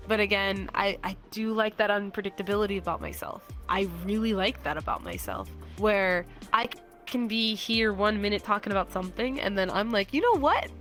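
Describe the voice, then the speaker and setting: A woman's voice: medium pitch, fairly bright tone. A woman guest on a casual podcast chat, talking in a playful, giggly, candid way with bits of slang. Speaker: streamer guest.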